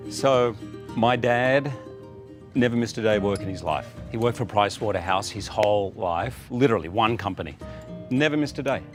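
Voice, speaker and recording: A man's voice: fairly low pitch, music in the background. A middle-aged man from Australia, telling stories as a guest in a casual TV interview. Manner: animated anecdotal storytelling with quick asides.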